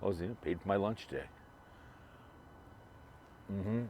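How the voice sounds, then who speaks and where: In a warm, low voice at a moderate pace, a vlogger rambles casually as he drives, remembering a fellow creator who has passed. He repeats himself and restarts a lot, and there's slight background noise.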